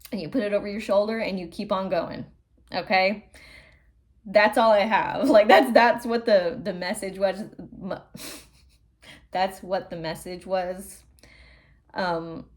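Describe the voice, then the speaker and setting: A woman giving a casual psychic tarot reading, telling a vision as a rambling story with many fillers and little laughs. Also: mid-range voice. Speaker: tarot reader.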